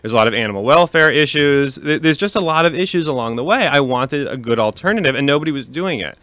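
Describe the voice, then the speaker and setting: A man's voice: on the high side, expressive, fast, fairly bright tone, no echo. A man talking casually in an interview about founding his meat business, with many restarts and fillers. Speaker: kosher meat company founder.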